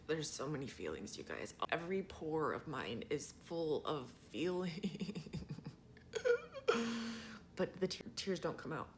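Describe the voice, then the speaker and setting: This vlogger, a trans man, has a fairly high voice with slight background noise behind it. He chats casually to the camera for his viewers, rambling, wry, and laughing often.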